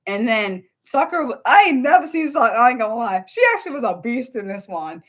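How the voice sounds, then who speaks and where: Woman in her thirties, casual livestream host; excitable, profane, rambling, with sudden high-pitched outbursts. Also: brisk. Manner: animated, swears freely, rambles with restarts. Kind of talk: casual unscripted livestream chat.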